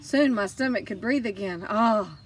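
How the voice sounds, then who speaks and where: Lady reading a kids book, high voice, lively and expressive. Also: normal speed, distant mic. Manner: lively, expressive first-person storytelling. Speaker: audiobook reader. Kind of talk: children's audiobook narration.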